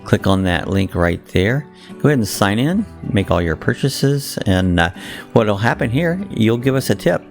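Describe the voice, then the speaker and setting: A man's voice: on the low side, lively intonation, moderate pace, creaky. A male channel host giving a plain, explanatory walkthrough of his links at the end of a video. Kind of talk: casual channel outro. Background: faint guitar music.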